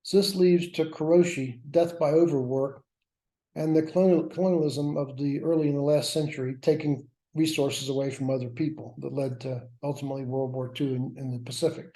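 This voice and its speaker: A man's voice: medium pitch, fairly even intonation, brisk, mellow. Wry man lecturing in an echoey room. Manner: wry, self-mocking asides. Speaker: workshop instructor. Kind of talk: workshop lecture. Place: classroom. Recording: roomy echo.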